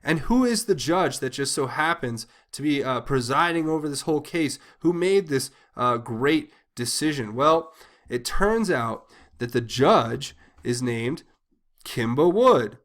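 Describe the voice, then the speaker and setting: A man's voice: mid-range voice, animated, a little slow, fairly bright tone. A man hosting a political commentary channel, speaking in an agitated, indignant monologue with frequent restarts and repetitions. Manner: agitated, indignant, repeats himself with many restarts.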